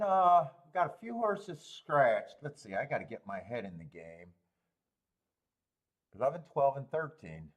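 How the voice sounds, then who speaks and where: Animated, stammering man ranting on a livestream. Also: mid-range voice, lo-fi sound. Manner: animated, laughing, stammering rants. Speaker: host of a horse racing betting livestream. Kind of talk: casual livestream chat.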